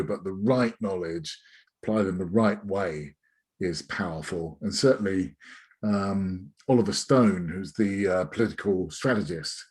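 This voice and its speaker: A man's voice: lowish voice, darkish tone, slightly rough. Rambling middle-aged man teaching sales. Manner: rambling, many restarts and fillers. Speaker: sales trainer. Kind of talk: masterclass on a video call. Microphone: video call.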